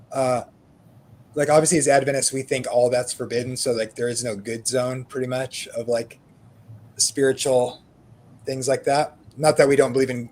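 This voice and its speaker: A man's voice: medium pitch, darkish tone, a little hiss or hum. A man hosting an interview, talking loosely and thinking aloud, with many fillers. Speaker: host. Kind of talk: casual interview chat.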